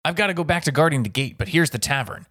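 A man's voice: fairly high pitch, animated, fast, sharp tone, no room sound, studio quality, voice pushed up. A man, the game master, voicing a male town guard who is evasive and chatty. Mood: cagey.

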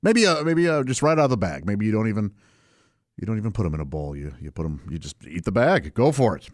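A man's voice: fairly low pitch, big pitch swings, fast talker, no echo, studio quality. A man hosting his own podcast, talking casually and rambling, often restarting sentences and chuckling to himself. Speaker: podcast host. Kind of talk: casual solo podcast talk.

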